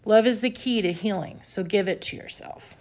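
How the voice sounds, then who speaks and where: A woman's voice: medium pitch, normal speed. A woman hosting a self-help podcast, speaking candidly and confessionally from home. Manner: candid, confessional, with soft laughs. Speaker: podcast host. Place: home with pets nearby.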